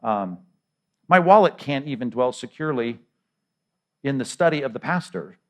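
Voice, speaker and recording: A man's voice: medium pitch, lively intonation, moderate pace, fairly bright tone. A middle-aged male pastor preaching a sermon in a conversational way, with repeated words and rhetorical questions.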